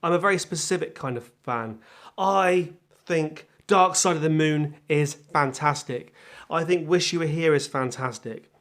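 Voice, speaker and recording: A man's voice: on the high side, unhurried, a bit bright. A man hosting his own music channel, giving a casual first-impression chat about an album. He is self-deprecating and thinks aloud.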